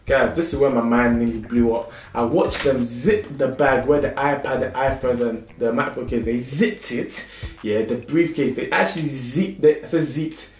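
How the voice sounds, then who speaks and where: A young man with a London accent telling a storytime vlog in a lively, slangy way. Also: mid-range voice, moderate pace. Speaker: vlogger. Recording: roomy indoor sound.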